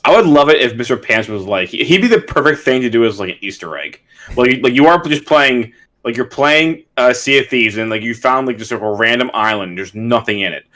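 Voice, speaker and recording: Young male podcast co-host, mid pitch, rambling and giggly. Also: animated, a little fast, a bit bright. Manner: laid-back, lots of "like" fillers, giggly. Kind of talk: casual chat.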